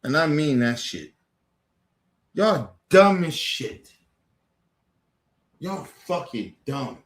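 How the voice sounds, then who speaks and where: A man in an angry, profane rant, repeating himself, swearing constantly, swinging from near-shouts down to low mutters. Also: sing-song, very slow, roomy sound. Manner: heated, repetitive, swears constantly, rising to near-shouts then dropping low. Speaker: streamer ranting on camera.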